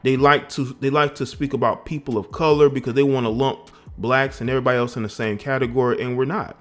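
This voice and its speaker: A man raised in the American South holds forth on his vlog with emphatic, indignant political commentary. His voice sits at an ordinary middle pitch, and he often restarts phrases as he builds his point. Faint music plays quietly underneath. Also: fairly even intonation, fast.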